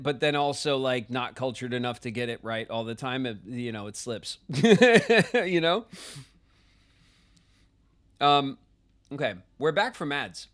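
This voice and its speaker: An American man chatting casually on a live game stream, rambling with plenty of filler words. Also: medium pitch. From United States. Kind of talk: casual live-stream chat while gaming.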